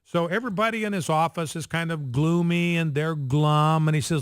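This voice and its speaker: A male talk radio host with a slightly high voice, recorded dry and close in a studio. He delivers commentary with emphasis, stretching out key figures and stacking repeated phrases into rhetorical questions. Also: smooth, dry recording. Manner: emphatic, slows down to stress figures.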